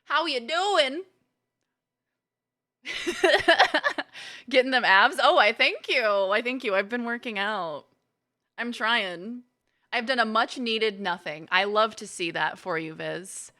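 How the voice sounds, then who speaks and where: A woman's voice: medium pitch, bright, forceful tone. A woman streamer in casual live chat, playfully greeting viewers by name. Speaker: gaming streamer.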